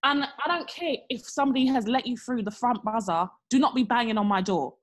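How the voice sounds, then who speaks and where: A woman's voice: fairly high pitch, brisk. A young woman, co-hosting a podcast and telling a story in casual chat, acting out the people she quotes. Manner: animated, acts out quotes with exaggerated voices. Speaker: podcast co-host.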